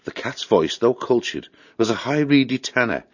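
Man reading a storybook, low husky voice, dry and muffled. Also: moderate pace, no room sound. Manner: steady, expressive reading. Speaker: narrator. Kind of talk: storybook narration.

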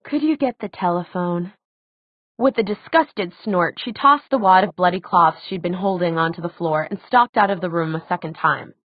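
A woman narrating an audiobook in a measured, even storytelling manner. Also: on the low side, dry recording, muffled recording.

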